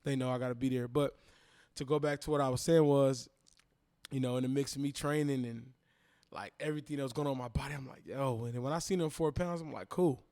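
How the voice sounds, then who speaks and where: A man in his thirties, a podcast guest, telling a personal story in a casual, animated way and acting out the voices he quotes. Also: mid-range voice, fast talker. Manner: animated, acts out quoted voices, repeats phrases.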